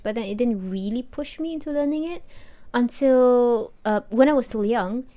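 A woman's voice: a little high, mellow. A young woman co-hosting a podcast in casual chat, chatty and rambling with lots of "like" and "you know". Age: young adult. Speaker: podcast co-host.

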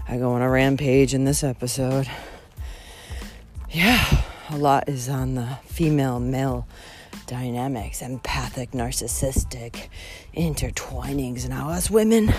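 A woman's voice: very deep voice, a little slow, a little mellow. A young woman ranting with profanity as she walks outdoors on a hiking trail, recording her own vlog. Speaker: podcast host hiking the Camino. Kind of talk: ranting walk-and-talk vlog.

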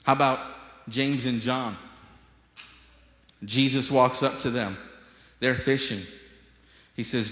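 Animated preacher in an echoey hall. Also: male voice, mid-range voice, slow pace, long pauses. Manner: lively storytelling preacher, acts out voices, jokes with the congregation. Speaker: pastor. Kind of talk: sermon. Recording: echoey hall with long reverb.

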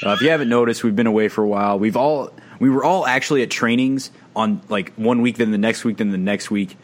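A man hosting a casual gaming podcast, easygoing and upbeat, tossing in quick asides. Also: medium pitch, a little hiss or hum. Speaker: podcast host.

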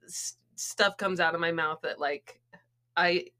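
A woman's voice: lowish voice, steady tone, unhurried, pushed and bright. A middle-aged woman co-hosting a podcast in casual chat, rambling with lots of "like" and restarts. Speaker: podcast co-host.

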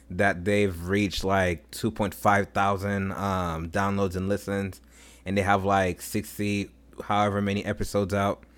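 A man's voice: lowish voice, a bit bright. A man co-hosting a podcast, talking in a loose, reflective way with many fillers. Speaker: podcast co-host. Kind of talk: casual chat.

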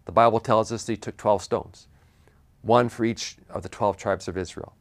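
A man preaching a sermon, retelling a Bible story with animated asides and frequent restarts. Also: on the low side, normal speed.

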